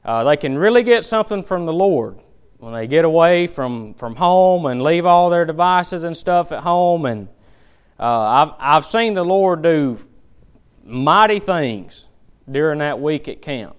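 A man preaching a sermon with a clear, resonant, slightly high voice. He tells folksy stories and drives his points home with emphatic, animated delivery. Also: unhurried.

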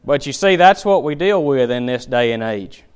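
A man preaching a sermon, with folksy storytelling and emphatic, animated delivery. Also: medium pitch, normal speed, clean tone.

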